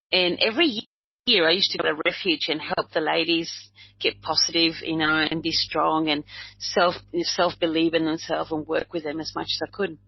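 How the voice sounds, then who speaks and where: A medium and healer from Uruguay, an older woman, speaks as an interview guest in a low voice with a breathy edge. Her personal story rambles and restarts many times as she voices the dialogue she quotes. The recording is dry yet dull and lo-fi.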